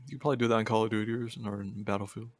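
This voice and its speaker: A man's voice: fairly low pitch, fairly even intonation, very fast. A man co-hosting a casual podcast, laid-back and throwing in short jokes. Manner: laid-back, joking interjections. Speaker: podcast co-host. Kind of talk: casual chat.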